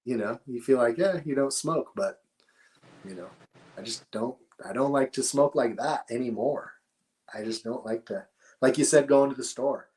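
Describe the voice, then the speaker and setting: A man's voice: medium pitch, moderate pace, darkish tone. Laid-back profane man. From Northern California. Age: middle-aged. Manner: laid-back, profane, rambling with frequent fillers. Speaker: podcast guest, cannabis grower. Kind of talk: casual conversational storytelling.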